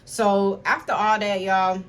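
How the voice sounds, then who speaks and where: A young woman telling a personal story to camera in a casual vlog, animated, talking straight to her viewers with a constant "y'all" and swearing freely. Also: mid-range voice, slow pace. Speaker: storytime vlogger.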